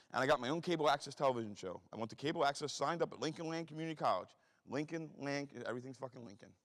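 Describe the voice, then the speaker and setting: A middle-aged man telling a story to an audience, blunt and profane, acting out the voices of the people in it. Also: mid-range voice. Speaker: guest speaker. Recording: long hall reverb.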